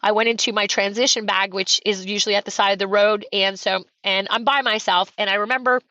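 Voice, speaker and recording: A middle-aged woman from Canada, a coach, telling a personal story on a podcast with high energy and fervent emphasis. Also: steady tone, a little fast, sharp tone, dry recording, highs cut off. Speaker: real estate coach and guest. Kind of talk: emotional storytelling in a podcast interview.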